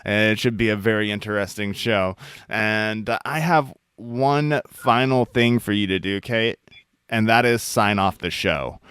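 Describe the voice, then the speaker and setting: Crisp, low-voiced male podcast host. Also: unhurried, no room sound, studio quality. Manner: relaxed, friendly, joking. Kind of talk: casual interview and show outro.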